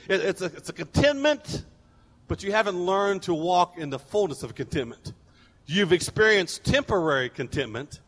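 A pastor preaching a sermon, telling stories animatedly and acting out people's voices. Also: male voice, high voice, fairly bright tone, in a large hall.

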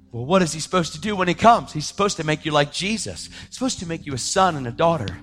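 A man giving a testimony sermon in casual slang, acting out the voices he quotes and sometimes breaking into shouts. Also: fairly high pitch, fast, hardly any pauses. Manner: animated, acts out quoted voices, slips into shouts; casual slang, calls listeners dude. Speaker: preacher giving his testimony.

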